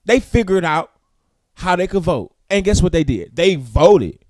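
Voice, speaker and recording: A man hosting a morning talk show, giving preacherly, emphatic commentary that climbs to loud peaks and drops low. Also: sing-song, unhurried, no room sound, clean studio sound. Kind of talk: impassioned commentary and news reading.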